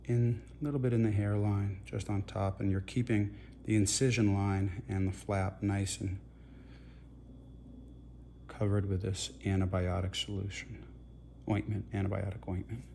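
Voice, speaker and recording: A man, a facial plastic surgeon, calmly talking viewers through aftercare steps in a reassuring, instructive way. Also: on the low side, measured pace, creaky, slight background noise. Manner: calm, reassuring, repeats gentle guidance. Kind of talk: instructional demonstration.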